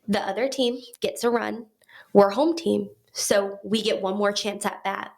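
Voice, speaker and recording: A woman guest on a podcast, telling a story in casual chat. She is talkative and animated, and she acts out what other people said. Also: mid-range voice, a little slow, gravelly.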